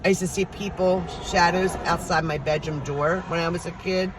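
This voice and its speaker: A woman's voice: fairly low pitch, fairly even intonation, moderate pace, noisy background. A middle-aged woman vlogger, chatting casually to her viewers and telling stories, acting out the voices of the people in them. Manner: chatty storytelling, acts out voices.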